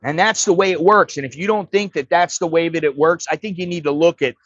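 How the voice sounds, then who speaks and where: A man's voice: a little high, brisk, fairly bright tone, no room sound. A middle-aged American man telling stories on a livestream, blunt and profane, rambling and restarting his sentences. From United States. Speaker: livestream host. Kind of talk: casual livestream storytelling. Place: home livestream setup. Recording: dry, dull lo-fi stream audio.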